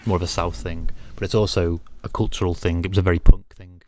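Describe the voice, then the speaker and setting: Low-voiced Northern English streamer. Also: male voice, steady tone, fast talker, a little mellow, slight background noise. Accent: Northern English, near Scouse. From North of England. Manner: chatty and easygoing, lots of "like" and "you know". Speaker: game streamer. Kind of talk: casual chat while gaming, reading viewer comments.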